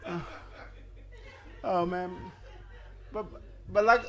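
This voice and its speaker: A man's voice: high voice, normal speed, noisy background. A man in his fifties doing a stand-up comedy set, telling loose, profane stories full of fillers and restarts. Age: 50s. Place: comedy club stage with a live audience.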